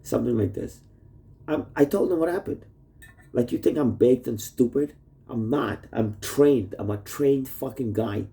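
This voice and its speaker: Rambling, profanity-heavy man with a mellow voice. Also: medium pitch, unhurried, gravelly. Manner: heavy swearing, jumps between topics. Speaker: husband recording a video message to his wife. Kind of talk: rambling casual monologue. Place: at home in a messy rented room. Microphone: phone plugged in nearby.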